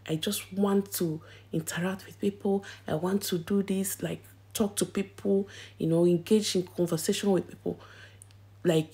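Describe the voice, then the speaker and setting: A young woman with a Nigerian accent chatting excitedly in a vlog from inside a church, often dropping to a whisper. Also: mid-range voice, creaky. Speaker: vlogger. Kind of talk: casual vlog chat.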